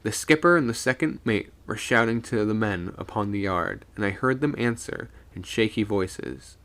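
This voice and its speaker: A man reading a spooky sea story aloud on a live stream, animated, with small stumbles and self-corrections. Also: fairly low pitch, moderate pace.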